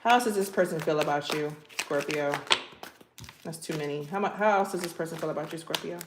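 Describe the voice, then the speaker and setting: A woman's voice: low voice, fairly quick. A woman giving a casual tarot reading, chatty and playful, talking straight to her viewers with lots of asides. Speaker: tarot reader. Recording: echoey room with faint background noise.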